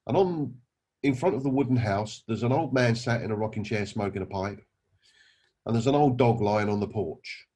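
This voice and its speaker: A man's voice: lowish voice, normal speed, mellow, slightly rough. A man giving a motivational talk, telling anecdotes and asking his listeners rhetorical questions. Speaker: network marketing recruiter.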